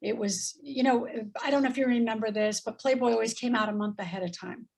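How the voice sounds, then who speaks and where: A woman in her fifties telling a story in casual chat, animated and acting out voices as she goes. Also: a little high, quick pace, gravelly. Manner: animated, acts out voices in quotes, laughs often. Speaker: guest.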